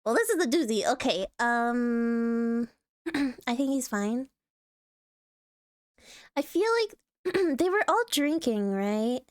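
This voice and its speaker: A woman streaming casual commentary on online posts, talking bluntly with swearing, frequent throat clearing and lots of laughter. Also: on the high side, animated, slow pace, pauses often, no echo, studio quality.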